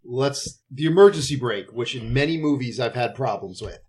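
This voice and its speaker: A man's voice: mid-range voice, animated, moderate pace, a little mellow. Laughing man recapping a movie. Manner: rambling, laughing retelling with put-on quotes. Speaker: podcast co-host. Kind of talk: casual movie recap chat.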